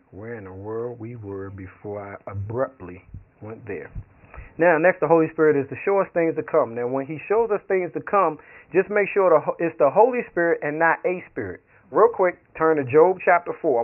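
A man preaching a sermon, telling stories with acted quotes, laughing along as he goes. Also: mid-range voice. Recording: tinny phone-like radio sound.

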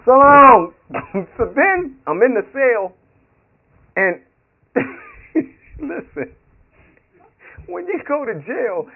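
A man preaching, telling a story in an animated way with frequent laughter and acted-out dialogue, over a tinny radio broadcast. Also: extremely high pitch. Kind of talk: sermon storytelling.

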